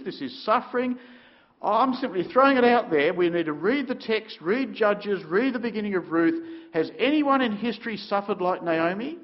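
A man preaching a sermon, telling the story dramatically with sudden shifts between loud and quiet. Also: sits high, dull audio.

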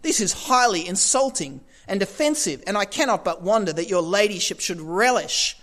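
A man's voice: high-pitched, lively intonation, normal speed, fairly bright tone. A man voicing a haughty, scornful English aristocrat who declares himself insulted and offended, read out as a quote within a sermon. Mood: indignant. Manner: indignant, declaiming.

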